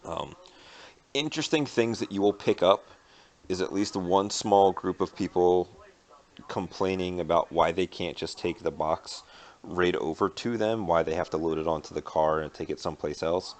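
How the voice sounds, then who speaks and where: Deep-voiced man as tabletop game master, laid-back narration with fillers. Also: moderate pace. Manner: relaxed, rambling explanations with fillers.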